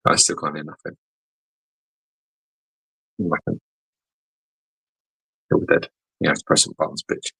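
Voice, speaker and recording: A man's voice: very deep voice, level tone, unhurried, creaky, long pauses, sharp tone, slightly rough, no room sound, rough recording. A man co-hosting a podcast in casual chat, swearing constantly and teasing his co-host.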